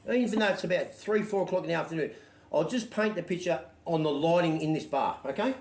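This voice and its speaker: Talking fast in a fairly high voice, this show host rambles through a casual, profanity-filled anecdote, tossing in "right?" again and again. The recording sounds roomy and echoey.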